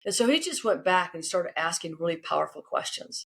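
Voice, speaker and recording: Woman coach, quick delivery, lively storyteller who voices the people she quotes. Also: on the low side, creaky, husky. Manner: animated, acts out quoted people. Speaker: guest, leadership coach. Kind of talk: casual interview answers, storytelling.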